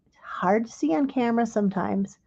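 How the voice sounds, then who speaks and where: A woman hosting a live crafting demonstration and explaining each step gently and without hurry. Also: on the high side, brisk, creaky, dull audio. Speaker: craft instructor.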